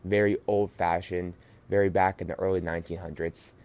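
A man's voice: low-pitched, little pitch movement, brisk, a little mellow. A man co-hosting a podcast, talking earnestly with frequent hesitations and fillers. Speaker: podcast co-host. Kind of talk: casual podcast discussion.

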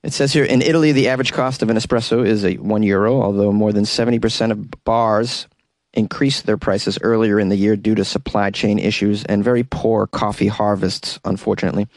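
A man's voice: on the low side, fairly even intonation, brisk, no room sound. Wry, chatty male talk radio host. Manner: wry, chatty, sarcastic asides. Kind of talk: call-in talk show news commentary.

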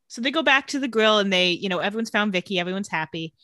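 Bright, sarcastic young woman recapping. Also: mid-range voice, lively intonation, fast, no echo, studio quality. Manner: sarcastic, acts out characters' lines. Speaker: podcast co-host. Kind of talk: casual recap chat.

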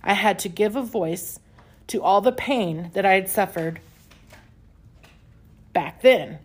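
A woman's voice: mid-range voice, slow, breathy edge. A woman hosting a self-help podcast, speaking candidly and confessionally from home. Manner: candid, confessional, with soft laughs. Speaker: podcast host. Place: home with pets nearby.

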